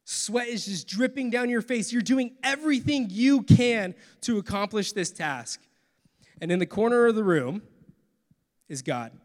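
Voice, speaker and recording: Male pastor, sermon, earnest, soft then forceful, high voice, long hall echo. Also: expressive, a little slow.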